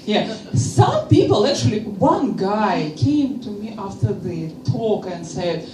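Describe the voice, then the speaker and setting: A woman with a Russian accent performing a stand-up comedy set, with a slow, deliberate delivery and playful pauses. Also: medium pitch, very animated, warm tone, a little hiss or hum. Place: comedy stage before a live audience. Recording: roomy live venue, from a distance.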